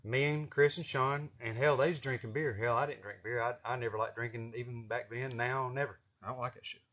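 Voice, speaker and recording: A man's voice: mid-range voice, fairly even intonation, brisk, a bit bright. Folksy man telling a story. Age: 40s. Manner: folksy and profane, chuckling as he tells it. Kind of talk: casual storytelling to camera.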